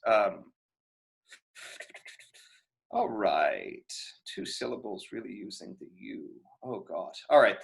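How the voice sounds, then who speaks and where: A man's voice: medium pitch, a bit bright. A man teaching an acting class on a video call, answering chat questions in a casual, chatty way, thinking aloud with many fillers and restarts. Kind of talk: live online lecture Q&A.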